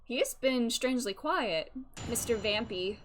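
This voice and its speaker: A woman streaming a video game, reacting in excitable casual commentary with swearing and laughing asides. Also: fairly high pitch, unhurried, slight background noise. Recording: game music playing behind.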